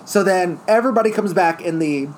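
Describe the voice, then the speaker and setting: Casual plot recap, storytelling voice, acts out quotes, mid pitch, faint hiss. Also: brisk. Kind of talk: casual chat retelling a musical's plot.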